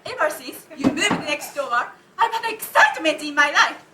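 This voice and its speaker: A woman's voice: high voice, lively intonation, moderate pace, heavy background noise. A young woman playing a flustered housewife caught up in an affair in an amateur stage play, giggly and girlish. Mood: giddy. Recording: echoey theatre from far off.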